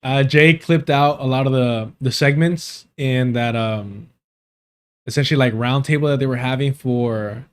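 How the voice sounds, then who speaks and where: A man's voice: mid-range voice, measured pace, clean tone. A man hosting a livestream in casual chat, rambling and chuckling often as he talks. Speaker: livestream host.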